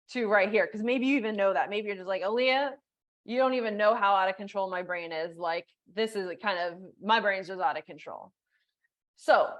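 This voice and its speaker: A woman's voice: mid-range voice, a bit bright. A woman hosting a live coaching session, talking casually with lots of "like"s and reading viewer comments aloud. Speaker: law of attraction coach and host. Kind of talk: live-streamed coaching talk.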